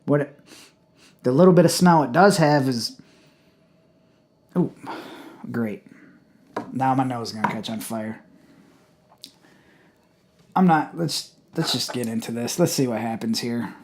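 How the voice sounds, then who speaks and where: A man casually reviewing a hot sauce on his channel, blunt and profane, with loud exclamations. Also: medium pitch, unhurried, long pauses, noisy background.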